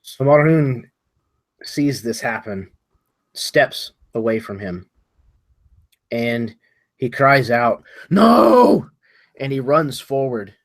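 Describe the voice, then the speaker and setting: During a tabletop game, a player narrates what his character does in a halting manner, often repeating words while he hunts for the right ones. His voice is medium in pitch.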